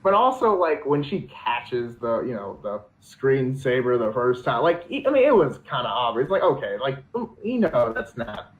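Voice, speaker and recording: A co-host, a man, chats about a film in a loose, rambling way, his pitch jumping up and down as he talks. He fills his sentences with "like" and "I mean". The sound is roomy and dull, like a lo-fi recording in an echoey room. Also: big pitch swings, moderate pace. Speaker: podcast co-host. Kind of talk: casual movie review chat.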